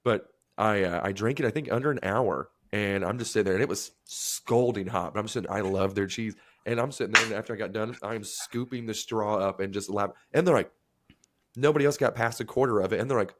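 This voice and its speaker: A married man co-hosting a podcast, chatting casually and telling animated, profane stories with acted-out quotes. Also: lowish voice, fast. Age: adult, married. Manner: animated storyteller, swears freely, acts out quotes. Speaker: podcast co-host.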